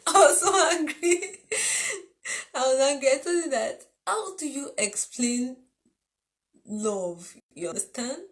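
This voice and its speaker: A woman giving a casual Bible teaching, telling stories and often asking "You understand?". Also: medium pitch. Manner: chatty, laughs often, asks "You understand?".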